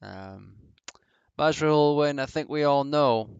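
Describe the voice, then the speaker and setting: A man's voice: on the high side, normal speed, gravelly, smooth, dry recording. A man giving casual solo commentary as a wrestling reviewer, rambling and offhand with many fillers. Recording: dull lo-fi home mic.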